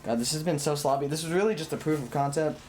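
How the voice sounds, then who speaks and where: A man's voice: a little high, quick pace, darkish tone, a little hiss or hum. Blunt, rambling young male streamer. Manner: rambling and blunt, swears, restarts sentences. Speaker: livestreamer. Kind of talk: casual live stream chat while building a PC.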